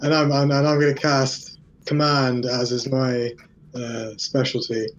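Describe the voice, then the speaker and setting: A man playing a tabletop game, excitable and talking in fits and starts. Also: mid-range voice, measured pace, highs cut off, slight background noise. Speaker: player. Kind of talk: casual tabletop play.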